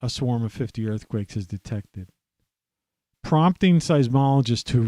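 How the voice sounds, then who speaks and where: A man's voice: medium pitch, lively intonation, unhurried, dark tone, no room sound. American male podcast host, angry rambling rant, heavy swearing, dry close sound. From United States. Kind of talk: profane ranting monologue.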